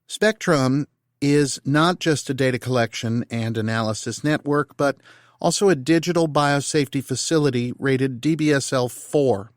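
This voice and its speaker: A male narrator voicing a female senator who gives a measured, formal briefing. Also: medium pitch, dry recording, studio quality, lightly acted. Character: brisk female senator leading a secret briefing.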